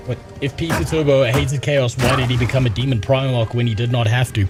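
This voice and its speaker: A man's voice: medium pitch, fairly even intonation, a little fast. A young man streaming a video game, chatting casually in a blunt, profane and rambling way while reading chat. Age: young adult. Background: game music.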